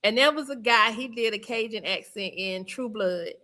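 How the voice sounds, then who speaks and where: A woman's voice: fairly high pitch, normal speed, pushed and bright. A woman from Georgia with a Southern accent, hosting a casual livestream, chatty and laughing often as she answers viewer comments. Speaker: livestream host.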